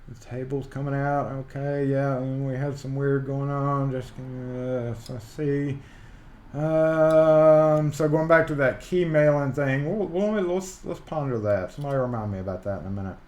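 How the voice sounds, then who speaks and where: A man's voice: medium pitch, a little slow, darkish tone. A man from Mississippi with a Southern accent hosts a casual live-stream chat, rambling and reading viewer comments aloud. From Mississippi, USA. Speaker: livestream host. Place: home workshop. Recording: roomy echo.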